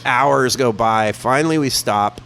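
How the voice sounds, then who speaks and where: Animated, swearing male storyteller. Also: mid-range voice, a little slow, gravelly, slight background noise. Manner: animated, profane, many "like" fillers. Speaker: podcast guest telling a travel story. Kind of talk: casual storytelling chat.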